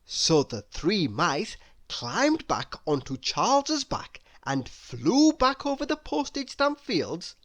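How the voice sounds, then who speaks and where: A man reading a children's picture book aloud. He reads slowly and very expressively, with his pitch rising and falling all the time in a sing-song way. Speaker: storybook reader.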